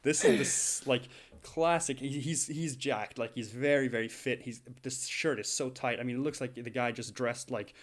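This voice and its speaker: A young man co-hosting a casual podcast, his voice sitting at an ordinary middle pitch. He tells a long story with lively energy, laughing often and restarting his sentences. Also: moderate pace. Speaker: podcast co-host.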